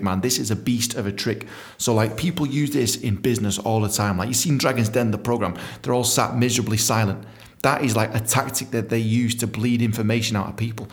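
A British man hosting a podcast, telling stories in a lively, profane, casual way and acting out the dialogue. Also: mid-range voice. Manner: animated, profane, acts out dialogue. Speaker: podcast host. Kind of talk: casual storytelling.

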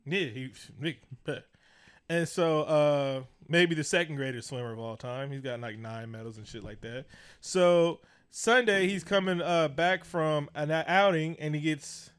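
A man's voice: a little high, unhurried, fairly bright tone, clean tone. A man, co-hosting a casual podcast and ranting with heavy profanity. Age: 30s. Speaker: podcast co-host. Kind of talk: casual chat.

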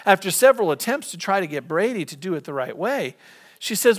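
A middle-aged man preaching a sermon as pastor, conversational and storytelling, slipping into lively impressions. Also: high voice, fairly quick.

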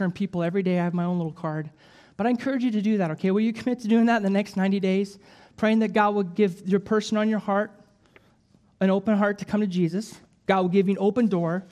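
Animated man preaching a sermon. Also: sits high. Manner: animated storytelling with jokes and laughs. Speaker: evangelist.

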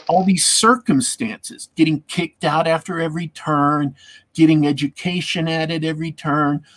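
Husky-voiced man rambling about tabletop games. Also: on the high side, fairly bright tone. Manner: rambling, repeats words while thinking. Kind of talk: casual chat about tabletop gaming.

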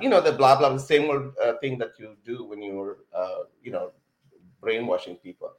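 A man, a podcast guest telling his life story in an animated way, full of fillers and restarts. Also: medium pitch, brisk. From India. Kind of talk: personal storytelling in conversation. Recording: roomy echo.

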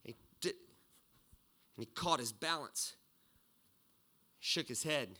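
A middle-aged man preaching a sermon, telling a story with loud bursts and low asides. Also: a little slow, pauses often. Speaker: pastor.

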